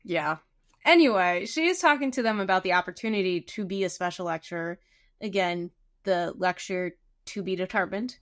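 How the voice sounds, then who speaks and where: A woman's voice: fairly low pitch, normal speed, a bit bright. A woman co-hosting a casual recap podcast, recounting the scenes. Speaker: podcast co-host.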